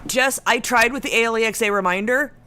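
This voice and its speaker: A woman's voice: on the high side, fast talker, pushed and bright, a little hiss or hum. A woman in her forties co-hosting a live trivia stream from home, talkative and teasing, reading chat comments aloud. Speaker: co-host. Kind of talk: casual chat on a live game show.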